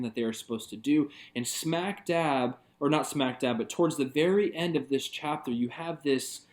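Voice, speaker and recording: A man's voice: mid-range voice, a little mellow. A man, a pastor, giving an earnest, reflective devotional talk in a conversational way.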